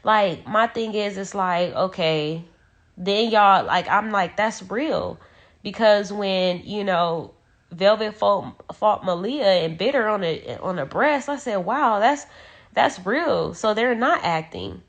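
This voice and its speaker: A young woman on a phone livestream in a dark room at home, talking about her sister in a rambling, emotional way with many fillers. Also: mid-range voice, takes it slowly. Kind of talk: casual livestream talk.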